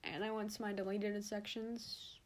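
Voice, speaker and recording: A woman's voice: mid-range voice, little pitch movement, moderate pace. A young woman hosting her own podcast, talking in an earnest, rambling and openly emotional way. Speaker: podcast host. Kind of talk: casual podcast monologue.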